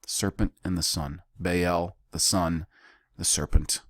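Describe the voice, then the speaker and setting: A man with a low, deep voice leads a Bible study at an unhurried pace. He teaches deliberately, pausing between phrases and repeating key words. The recording is close and dry. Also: steady tone, fairly bright tone, no room sound.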